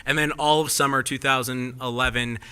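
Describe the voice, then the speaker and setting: A man's voice: mid-range voice, fairly even intonation, brisk, pushed and bright, clean tone. A man on a convention panel telling a casual, rambling story full of "I was just like" asides. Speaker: podcast panelist. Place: convention panel room with audience.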